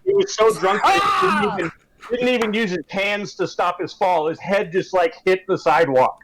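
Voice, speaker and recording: A young man from Wisconsin telling a story about a street fight to friends, in a measured, deliberate way. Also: high-pitched, lively intonation, a bit bright, poor audio. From Madison, Wisconsin. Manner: measured, deliberate build-up with hesitations. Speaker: tabletop game player. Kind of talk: casual storytelling among friends.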